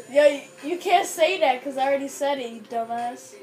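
A woman chatting casually with friends while gaming, loud and excitable, swearing freely. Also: high-pitched, rough recording. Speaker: gamer playing with friends.

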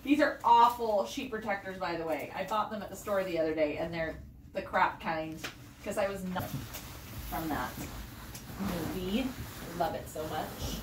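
A woman singing teacher coaching children in a studio lesson, encouraging them and modeling pitches for them to copy. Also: moderate pace, recorded from a distance, a little hiss or hum. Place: music studio room. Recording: echoey room, voice off-mic, loud music.

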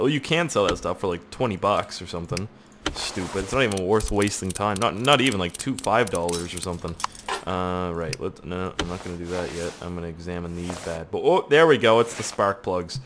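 A young Canadian man casually commentating his gameplay, swearing a lot, excitable, and talking straight to his viewers, just woken up. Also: fairly low pitch, noisy background. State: just woke up. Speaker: gaming video host.

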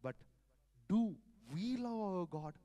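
A man preaching a sermon in an earnest, repetitive way, his loudness rising and dropping suddenly. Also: high voice, lively intonation, takes it slowly, no echo.

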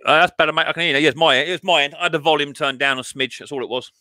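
A man's voice: a little high, racing, sharp tone, dry recording, studio quality. Chatty man hosting a live stream. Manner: chatty, greets viewers by name, firm about rules. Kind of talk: casual live stream chat. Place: garden shed workshop.

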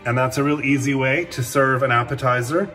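A man hosting his own cooking channel, talking through a recipe in a relaxed, chatty way with frequent filler words. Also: medium pitch, brisk, reverberant, faint music behind. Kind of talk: casual cooking demonstration.

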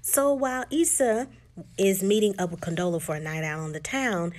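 Chatty woman recapping a TV episode. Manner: chatty, filler-heavy retelling with lots of "like" and "just"; acts out characters' lines in quick shifts of pitch. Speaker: TV recap vlogger.

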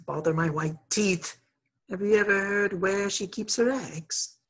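A woman voicing a brave, sharp-tongued young male mongoose in a storybook reading, impatient and commanding. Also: medium pitch, unhurried, husky. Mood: urgent.

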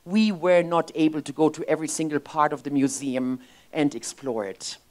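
A woman in her fifties giving an emotional, expressive inspirational sermon as a spiritual speaker in a church. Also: low-pitched, moderate pace. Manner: expressive, emotional, lively storytelling. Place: church sanctuary.

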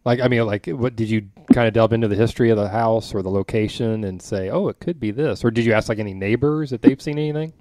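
A male podcast host asks his guest questions in a hurried, stumbling way. He talks quickly in a dry, close sound with no room around him. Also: lowish voice, dark tone, dry recording. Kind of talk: casual interview questions.

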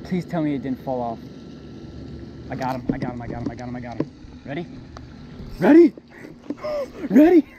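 A young man filming himself fishing outdoors, excitedly narrating his catches and repeating exclamations as he reels them in. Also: mid-range voice, fast talker, pauses often, lo-fi sound, background noise. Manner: excitable, repeats exclamations while reeling in fish. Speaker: fishing vlogger. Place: outdoors by the water.

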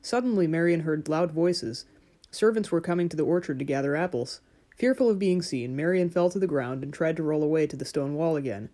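Woman gently narrating a fairy tale. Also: low voice. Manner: measured, gentle storytelling. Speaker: audiobook narrator.

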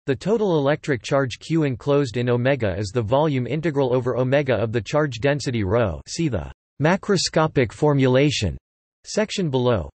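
Computer guy voice reading an encyclopedia article, flat and synthetic, spells out math code letter by letter, totally dry sound. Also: medium pitch, moderate pace, dry recording. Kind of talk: text-to-speech article reading.

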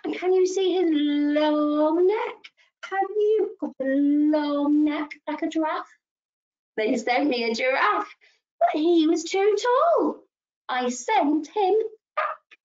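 A woman leading a children's story session, talking to toddlers in an animated sing-song way, gasping with delight and coaxing them to join in. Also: extremely high pitch, lo-fi sound. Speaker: early years practitioner.

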